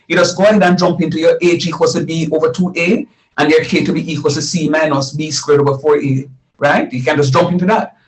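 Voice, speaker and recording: A man's voice: a little high, steady tone, fast, low-quality recording. A middle-aged man teaching a live math lesson, repeating phrases and quizzing his students as he explains.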